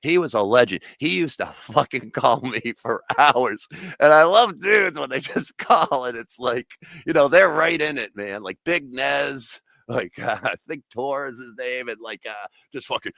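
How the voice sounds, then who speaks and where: A man's voice: medium pitch, animated, measured pace, vocal fry, dry recording. A man from Massachusetts, a comedian and musician, telling rambling, profane stories on a casual podcast. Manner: rambling, profane storytelling, bursts into loud singing.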